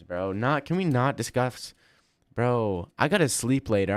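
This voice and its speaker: A man's voice: mid-range voice, clear, resonant tone, no echo, clean studio sound. Slangy man in his thirties. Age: 30s. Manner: crude slangy banter, reads chat aloud. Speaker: streamer. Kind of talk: casual livestream chat reading.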